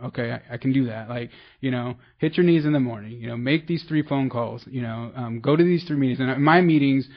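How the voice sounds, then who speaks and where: Man, personal testimony, self-deprecating, rambling, average pitch, dull lo-fi sound. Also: fairly quick, hardly any pauses. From San Francisco Bay Area. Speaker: recovery meeting speaker.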